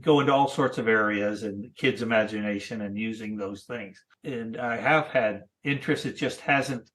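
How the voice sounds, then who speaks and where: A man in his sixties, a cartoonist guest, chatting casually in a thoughtful, halting way with many restarts. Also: fairly low pitch, fairly bright tone. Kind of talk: casual interview chat.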